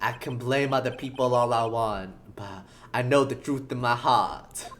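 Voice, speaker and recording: A woman puts on a brash, blustering male game detective who talks in a rough tough-guy drawl with a slight Italian tinge. The voice sits very deep and booms out as he scolds. He comes across as blunt, clumsy and easily hurt. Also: steady tone, unhurried, slight background noise. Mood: gruff. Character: loud gruff male detective, bumbling and blunt.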